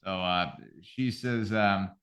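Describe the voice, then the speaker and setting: A man's voice: low-pitched, slow pace, a bit bright. A man co-hosting a comedy podcast, joking crudely and laughing often as he reads out a story. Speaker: podcast co-host. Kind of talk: casual comedy podcast banter.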